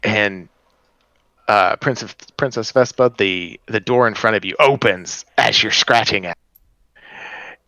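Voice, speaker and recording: A game master narrating a tabletop game in a relaxed, stumbling way. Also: mid-range voice, a little slow, pauses often, dry recording, rough recording.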